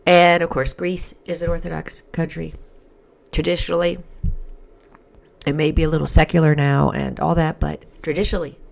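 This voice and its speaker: A hoarse woman giving casual religious commentary in a halting way, with many fillers and restarts. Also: deep voice, little pitch movement, a little mellow. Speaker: Orthodox Christian commentary vlogger.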